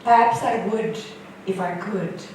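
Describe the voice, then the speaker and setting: A woman poet and filmmaker reading her poems slowly and rhythmically, then answering audience questions. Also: medium pitch, steady tone, a little mellow. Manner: slow, measured, rhythmic delivery. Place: event hall. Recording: echoey hall from far off, faint noise.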